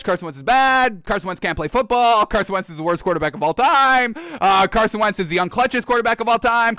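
A man's voice: extremely high pitch, sharp tone, dry recording. A man hosting a sports show, ranting brashly and mockingly about football teams and players while calling his viewers "folks". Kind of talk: animated sports opinion rant.

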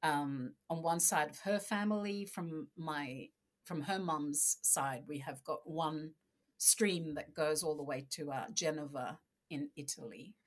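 A woman from Argentina, a podcast guest telling family stories in a casual, animated way and acting out voices. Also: deep voice, measured pace. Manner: animated storyteller, acts out voices. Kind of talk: casual interview chat.

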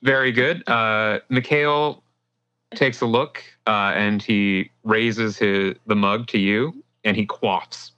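Bright-voiced man running a tabletop game. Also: fairly low pitch, slow, clean tone, no echo, dull audio. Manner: relaxed, descriptive, with fillers. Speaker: game master.

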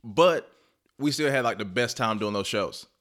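A man co-hosting a casual podcast, relaxed and agreeable, chiming in with quick yeahs and his own club memories. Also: mid-range voice. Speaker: comedian, podcast co-host.

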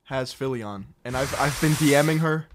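A man's voice: medium pitch, moderate pace, over a noisy crowd. A young man co-hosting a casual podcast, laid-back and laughing often. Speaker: podcast co-host.

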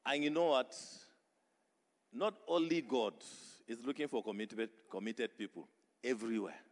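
A man's voice: medium pitch, moderate pace. Man preaching with emphatic repetition. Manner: emphatic repetition, rising to loud exhortation. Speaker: pastor. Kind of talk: sermon. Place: church hall. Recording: reverberant church hall.

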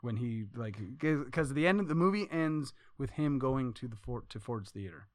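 A man's voice: mid-range voice, moderate pace, no room sound, studio quality. A man co-hosting a podcast, telling stories in a rambling, profane, casual way. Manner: profane, rambling, animated storytelling. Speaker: podcast co-host. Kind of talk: casual chat.

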